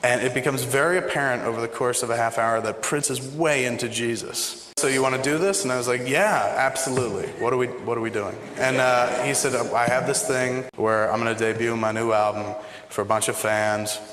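A man's voice: mid-range voice, steady tone, brisk, noisy background. A man telling a long profane anecdote to a live audience, acting out both sides of a phone call. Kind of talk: animated live storytelling. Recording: echoey hall with faint ambience.

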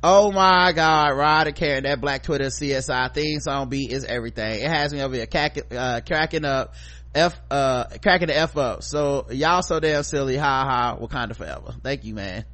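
Bright-voiced man, animated and profane. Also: medium pitch, moderate pace. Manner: animated storyteller, profane, acts out quotes loudly. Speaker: podcast co-host. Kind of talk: casual comedic chat, reading listener feedback.

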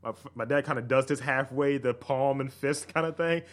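A man's voice: medium pitch, moderate pace. A man from Maryland co-hosting a podcast, telling stories in profane casual chat with whispered asides. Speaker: podcast co-host.

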